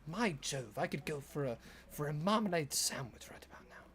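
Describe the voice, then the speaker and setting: A streamer putting on a posh British accent as a mock tea-and-crumpets gentleman, speaking quietly and lingering over the words. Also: mid-range voice, lively intonation, moderate pace, slight background noise, voice pushed down, natural voice. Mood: dreamy, posh. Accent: put-on British.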